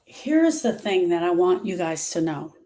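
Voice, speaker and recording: A middle-aged woman speaking as a grief specialist, talking earnestly to her followers and slowing down on emotional points. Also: fairly low pitch, sing-song, warm tone. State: emotional, short of breath at moments. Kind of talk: personal talk to followers.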